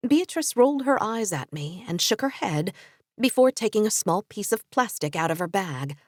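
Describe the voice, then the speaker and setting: A woman narrating a fantasy audiobook in first person, expressive storytelling. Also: mid-range voice, moderate pace, no room sound, clean studio sound.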